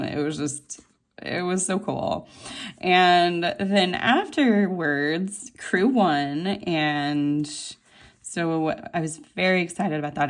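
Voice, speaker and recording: A woman vlogger chatting casually while planning, rambling with lots of fillers and laughs, her voice jumping up when she gets excited. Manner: gushing, voice jumps high when excited.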